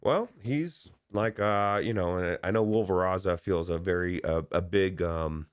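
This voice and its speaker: A man with a very low voice, chatting casually as a podcast co-host. He rambles and hesitates, restarting his sentences often. The sound is dry and close, with no room echo. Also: a little slow, smooth. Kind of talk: casual chat.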